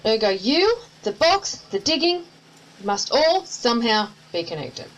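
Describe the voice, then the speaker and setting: A woman's voice: on the high side, low-quality recording. An actress with an Australian accent playing a spirited, blunt young woman in an audio drama. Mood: determined. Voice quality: brisk, bossy, lively. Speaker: companion character in an audio drama.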